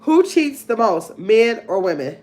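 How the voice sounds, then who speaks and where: A woman's voice: on the high side, big pitch swings, unhurried, a little mellow. Chatty woman hosting a live game night. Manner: chatty, laughs often, talks straight to viewers. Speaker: livestream host. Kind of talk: casual live-stream chat reading viewer comments.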